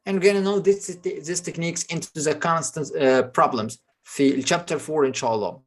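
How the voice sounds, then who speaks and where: A deep-voiced woman with an Egyptian Arabic accent, a native Arabic speaker, teaches English pronunciation in an online lesson. Between fillers, she draws out slow model words.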